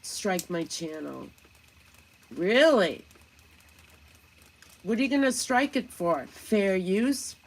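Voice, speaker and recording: A woman's voice: fairly low pitch, big pitch swings, slow, gravelly, pauses often, slight background noise. A woman hosting a casual commentary vlog, talking in a chatty, indignant, gossipy way. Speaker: commentary channel host.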